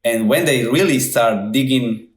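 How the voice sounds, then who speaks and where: A man from Italy with an Italian accent, a wedding filmmaker talking as a podcast guest in an animated way, acting out quotes and laughing often. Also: mid-range voice, a little slow, echoey room. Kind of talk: casual podcast chat. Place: Los Angeles.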